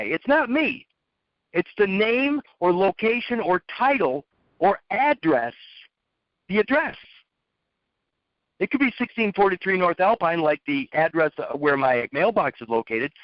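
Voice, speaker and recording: A man delivers a lecturing monologue, posing rhetorical questions and repeating phrases for emphasis. His voice is high, and the recording is dull, dry and lo-fi with no room sound.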